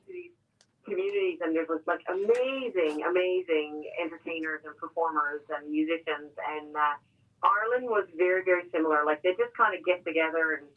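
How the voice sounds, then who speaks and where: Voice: mid-range voice, brisk. A chatty brewery guest with a thick Newfoundland accent talks over a tinny phone line. The guest is enthusiastic and often repeats words while hunting for the next thought. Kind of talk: casual radio interview. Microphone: telephone.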